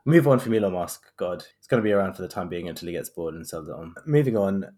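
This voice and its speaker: A man in his thirties riffs sarcastically on a podcast. His pitch jumps around a lot, and he talks in loose, rambling asides. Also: expressive, fast, dark tone. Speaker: podcast host. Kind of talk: casual podcast commentary.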